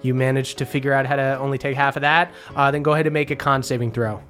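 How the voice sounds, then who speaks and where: A man narrating a tabletop game as game master, quick and often laughing. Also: medium pitch, level tone, a bit bright, faint music behind.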